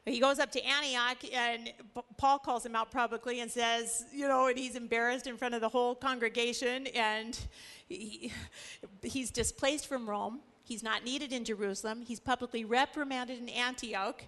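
A woman teaching a Bible study in a lively way, acting out the stories she tells. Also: on the high side, moderate pace. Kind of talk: animated scripture teaching.

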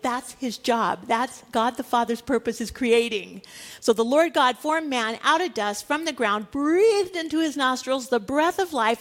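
A woman in her fifties preaching a sermon, animated, moving between loud exhortation and low hushed asides. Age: 50s.

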